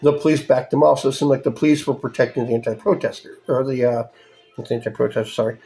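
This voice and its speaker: A man's voice: mid-range voice, level tone, fast talker, vocal fry, mellow, soft background music. A man hosting a podcast, ranting angrily with heavy swearing and mocking voices. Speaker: podcast host. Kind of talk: profane ranting monologue.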